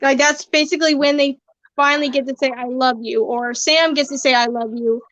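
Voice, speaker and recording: A high-pitched woman chats eagerly as a co-host, her voice coming through slightly muffled. The recording is dry, with no room sound around her. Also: fairly even intonation, fairly quick, a bit bright, no echo. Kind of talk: casual chat. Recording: dry, slightly dull audio.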